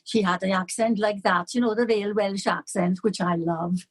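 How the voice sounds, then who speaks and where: An older woman from England, a guest in an interview, chatting warmly and laughing as she tells stories. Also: mid-range voice, fairly even intonation, normal speed. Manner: warm, laughing, storytelling. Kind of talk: casual chat.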